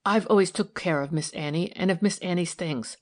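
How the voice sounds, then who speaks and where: A woman's voice: fairly low pitch, fairly quick, natural voice. A woman reading a proud, resentful old housemaid. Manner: plain servant's dialect, blunt. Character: stout loyal older housemaid, proud, resentful. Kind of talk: audiobook character reading.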